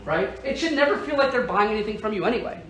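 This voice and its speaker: Animated and fast, a man with a high, slightly bright voice fires up insurance agents in a motivational sales training session, emphatically tossing "right?" at the audience again and again. There's slight background noise, and the echoey room makes him sound distant.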